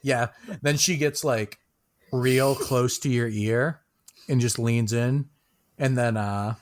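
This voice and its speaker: A man's voice: mid-range voice, takes it slowly. A man narrating a tabletop game as game master, casual and loose, with many fillers and small laughs.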